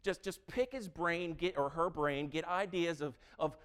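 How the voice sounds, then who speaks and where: Man, pastor, sermon, lively conversational preaching, a bit higher pitch. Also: a little slow. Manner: animated, conversational preaching with frequent restarts.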